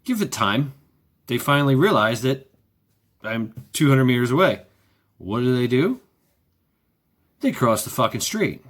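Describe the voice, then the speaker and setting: A man's voice: medium pitch, big pitch swings, a little slow, long pauses, a bit bright. A man vlogging in a sarcastic ranting monologue, repeating himself, swearing freely and firing off rhetorical questions.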